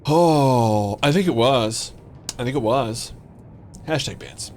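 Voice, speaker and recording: A man's voice: medium pitch, slow, darkish tone, a little hiss or hum. A man hosting a livestream, chatting casually with viewers in a playful, jokey way. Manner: playful, jokey, breaks into silly sung bits. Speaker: livestream host.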